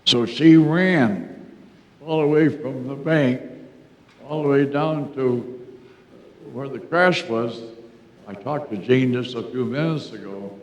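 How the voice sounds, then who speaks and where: A man's voice: mid-range voice, slow, long pauses, darkish tone. An older man telling rambling local history anecdotes at a library talk, folksy and chuckling, with many restarts. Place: library meeting room. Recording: roomy reverb, dull lo-fi sound.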